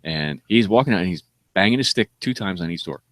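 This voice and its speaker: A man's voice: deep voice, animated, fast, a bit bright, no room sound. A man, a comedian co-hosting a podcast, telling a crude story in casual talk, swearing and laughing often. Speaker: podcast co-host.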